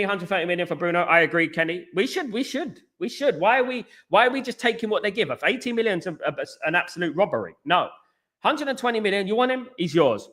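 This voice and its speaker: A man's voice: on the high side, pushed and bright. A man hosting a football fan live stream, answering chat and ranting with strong opinions, often repeating himself. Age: adult. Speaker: football fan channel host.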